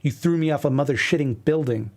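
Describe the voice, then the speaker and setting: A man's voice: on the high side, brisk, close to an everyday voice. A man voicing a grumpy, cynical young man in a webcomic reading. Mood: bitter. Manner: sullen, muttering.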